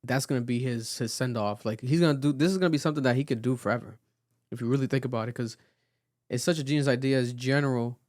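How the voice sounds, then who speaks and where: Podcast co-host, male, mid-pitch, chatty and animated, repeats and restarts a lot, dry close mic. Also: quick pace, no echo. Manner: animated, rambling with many restarts and fillers. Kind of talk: casual podcast chat.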